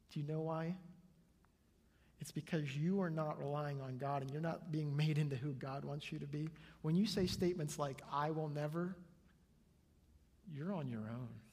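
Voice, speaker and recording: A male pastor preaching a sermon with earnest swings between soft and loud delivery, in a church sanctuary. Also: medium pitch, creaky, slightly rough. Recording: long hall reverb.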